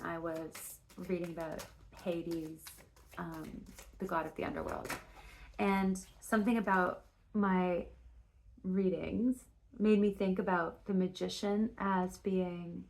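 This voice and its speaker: Rambling woman doing a tarot reading. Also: lowish voice. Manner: rambling and self-interrupting, with frequent "like" and restarts; swears casually. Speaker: tarot reader. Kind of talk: casual spoken tarot reading.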